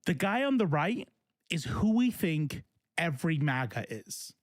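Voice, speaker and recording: A man's voice: on the high side, sing-song, a little slow, dry recording. A man on a close, dry mic, voice sitting a bit above the usual male range. He hosts a loose political commentary show and rambles, swears freely and restarts his sentences, filling gaps with "um" and "like". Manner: rambling, profane, many fillers and restarts. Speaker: host.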